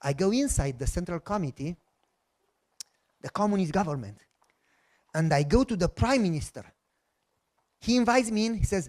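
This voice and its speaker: A man's voice: high voice, moderate pace, long pauses. A middle-aged man with a Romanian accent, a pastor telling a personal testimony in a sermon, acting out the voices in the story. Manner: animated storyteller who acts out voices.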